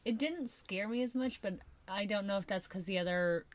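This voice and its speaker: A woman co-hosting a relaxed chat podcast who laughs easily. She tells her stories in a chatty, loose way. Her voice sits at a middle pitch. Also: moderate pace. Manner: giggly, chatty storyteller. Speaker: podcast co-host. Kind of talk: casual chat.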